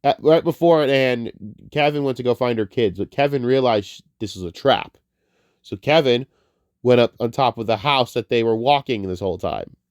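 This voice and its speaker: A man getting over a cold gives a rambling, excitable, profane spoken film review. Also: medium pitch, normal speed, no room sound, clean studio sound. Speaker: movie reviewer.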